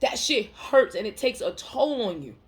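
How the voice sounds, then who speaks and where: Woman counselor, higher voice, emphatic street-slang monologue, hammers lines by repeating them. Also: big pitch swings, normal speed. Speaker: mental health counselor. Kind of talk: heartfelt motivational monologue to camera.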